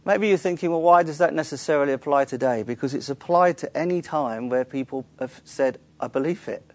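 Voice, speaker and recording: A man's voice: a little high, fairly quick. A man preaching a sermon in a church, earnestly explaining scripture with frequent small restarts. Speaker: pastor.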